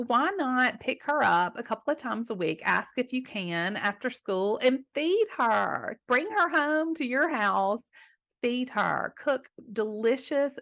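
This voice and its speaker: A woman in her fifties with a Southern US accent, hosting a casual advice show and answering listener questions in an emphatic, chatty way with easy laughter. Her voice is a little hoarse today. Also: a little high, a bit bright. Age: 50s.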